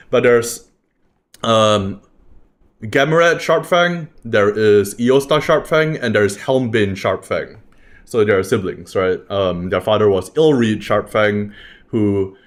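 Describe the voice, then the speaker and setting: A man recapping a tabletop game session in a loose, rambling way, swearing freely. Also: on the low side. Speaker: game master recapping a campaign. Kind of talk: casual spoken recap.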